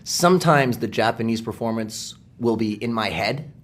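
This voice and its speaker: A man who works as a voice actor, chatting in an interview and telling lively stories that act out quoted dialogue. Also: mid-range voice, normal speed. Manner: lively anecdotal storyteller, acts out quoted dialogue. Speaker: voice actor guest. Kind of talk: casual interview chat.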